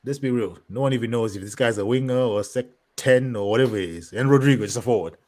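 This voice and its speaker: A man's voice: medium pitch, fast. A young man co-hosting a football podcast, ranting in slang, laughing often and talking at length. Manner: animated, laughing, street slang, rants at length. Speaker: podcast co-host. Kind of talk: casual football podcast rant.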